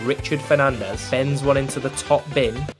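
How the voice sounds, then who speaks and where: A young man giving casual, self-mocking commentary over a football video game, breaking into loud excited yells. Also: medium pitch, moderate pace, over music. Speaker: gaming YouTuber.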